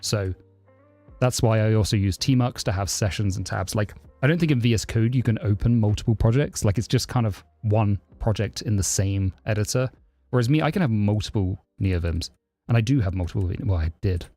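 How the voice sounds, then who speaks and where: Talking a little fast in a lowish voice, this livestreaming programmer from southeast London chats casually with viewers, answering questions and giving subscribers a warm thank-you. His southern English accent is close to received pronunciation without the poshness. The recording is dry, with faint music in the background.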